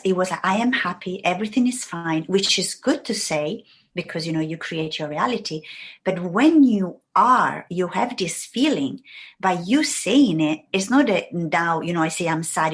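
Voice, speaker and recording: A woman speaks as a podcast guest, her voice a little husky and pitched on the low side. She wanders through her points and slips into voicing the thoughts she quotes. The talk is casual and conversational. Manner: rambling, acts out quoted thoughts. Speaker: guest, writing mentor.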